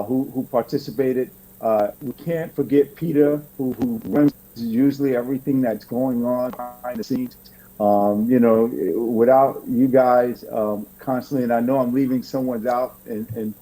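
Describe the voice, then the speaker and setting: Pastor, man, mellow dark tone, relaxed joking chat. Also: mid-range voice, low-quality recording. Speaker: pastor, men's ministry director. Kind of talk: casual chat.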